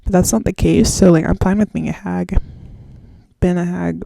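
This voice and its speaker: A woman's voice: lowish voice, fairly even intonation, normal speed, vocal fry, dark tone, a little hiss or hum. A woman in her twenties hosting a podcast solo, rambling in casual slang and swearing freely. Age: 20s. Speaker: podcast host.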